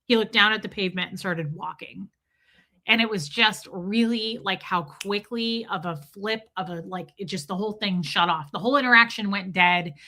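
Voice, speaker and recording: A woman's voice: mid-range voice, normal speed, sharp tone. A woman hosting a casual livestream, chatting emotionally and reading out viewer comments, with frequent restarts.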